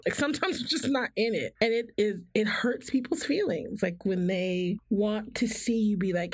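Husky gravelly woman chatting openly, laughs a lot, does little voices for people. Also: mid-range voice, normal speed, dry recording. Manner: animated, laughs often, acts out others' voices. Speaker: guest. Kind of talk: candid personal conversation.

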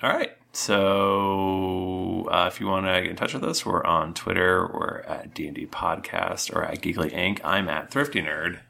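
A man with a very low, gravelly voice and a bright, sharp edge hosts a casual podcast. He thanks his listeners and co-hosts in a dry, offhand way. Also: a little slow. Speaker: podcast host and game master. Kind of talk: casual chat.

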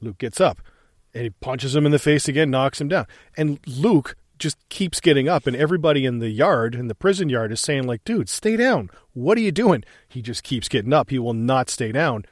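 A man's voice: medium pitch, expressive, normal speed, no room sound, studio quality. A man chatting casually as a podcast co-host, retelling film scenes and quoting lines. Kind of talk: casual chat.

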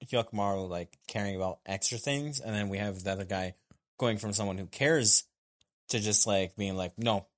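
Male podcast co-host, low voice, easygoing and rambling. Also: normal speed. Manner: laid-back, laughs often, loose rambling sentences. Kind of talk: casual anime recap chat.

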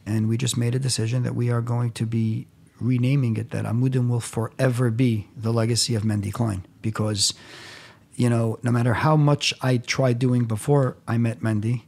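A man who is a podcast guest, telling stories in an animated way with lively quoted dialogue. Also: mid-range voice, moderate pace, gravelly. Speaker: podcast guest, nonprofit founder. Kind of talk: animated storytelling in conversation.

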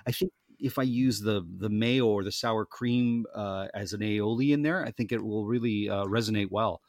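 Playful man with quick comebacks. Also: lowish voice, a little mellow, no echo. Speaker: podcast co-host. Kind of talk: casual chat.

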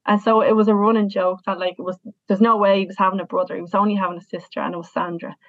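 A woman's voice: medium pitch, flat delivery, racing, no echo. Irish woman in her thirties, earnest personal storytelling, tinny phone-like audio, dry. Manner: earnest, emotional, with frequent restarts.

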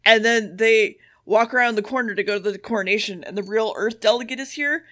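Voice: medium pitch, a bit bright. Casual podcast host, profane offhand plot recap. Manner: profane, offhand retelling with quick quoted voices.

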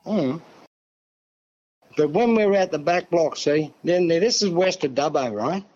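An older Australian man with a somewhat high voice spins a loose, rambling yarn, dropping in "see" and "mate" as he goes. The sound is dull and lo-fi, like a remote call line. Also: animated, unhurried, a little mellow. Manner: rambling, folksy, peppers talk with "see" and "mate". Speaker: guest. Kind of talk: casual storytelling.

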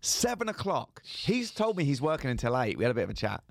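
A young man co-hosts a podcast and spins a comic tale, acting out both parties in phone conversations during casual chat. He talks fast in a mid-range, sing-song voice with vocal fry.

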